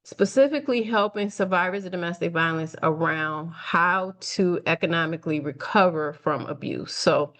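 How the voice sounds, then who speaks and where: Lively storytelling woman from Detroit. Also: on the low side, normal speed, few pauses. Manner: animated, acts out quoted dialogue, laughs easily. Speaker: guest, nonprofit founder and speaker. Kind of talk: conversational storytelling.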